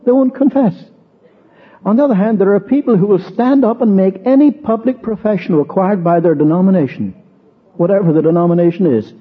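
Husky man, preacher, raised voice, tinny narrow-band recording. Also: high-pitched, fast. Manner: walks through verses, stresses repeated words. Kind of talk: expository sermon with a personal story.

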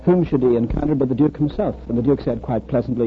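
A man's voice: mid-range voice, fast talker, a little hiss or hum. A man who served as a military chaplain, giving an earnest lecture full of anecdotes and rhetorical questions, on a dull lo-fi recording. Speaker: speaker, former military chaplain.

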